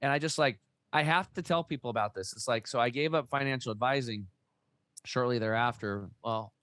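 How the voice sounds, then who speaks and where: Excitable, folksy man in his forties. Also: medium pitch, brisk, no echo. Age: 40s. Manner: excitable, folksy, swears mildly. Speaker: podcast guest. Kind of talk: casual interview storytelling.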